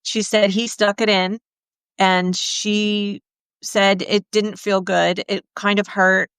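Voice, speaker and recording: A woman's voice: medium pitch, flat delivery, slow pace, a bit bright, clean tone, no echo. A middle-aged woman sex therapist telling candid stories in casual conversation, acting out the voices of the people she quotes. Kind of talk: conversational storytelling.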